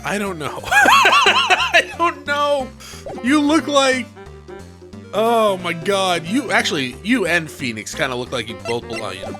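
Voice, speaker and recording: A man hosting a let's play, giving casual, joking commentary with some swearing. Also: fairly high pitch. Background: game music.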